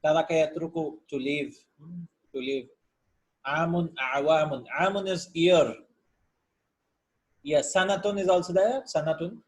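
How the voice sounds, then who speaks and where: In a rough recording, a man with a voice on the high side and a steady tone teaches Arabic at a measured pace, with long pauses. He explains vocabulary and grammar casually, thinking aloud, reading each word and glossing it, and tagging lines with "right?" and "yeah?"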